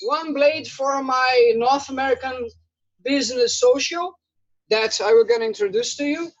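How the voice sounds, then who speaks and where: A man from Brazil with a Brazilian Portuguese accent, a guest blacksmith chatting casually over a call, halting as he searches for words in a language that is not his first. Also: very high-pitched, a bit bright, dry recording. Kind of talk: casual video call chat. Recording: muffled call audio.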